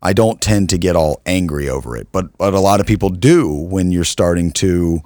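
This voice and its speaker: Deep-voiced man, frank podcast chat. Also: moderate pace, a little mellow, no room sound, studio quality. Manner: frank, swears casually, laughs often. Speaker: podcast co-host. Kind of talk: casual chat.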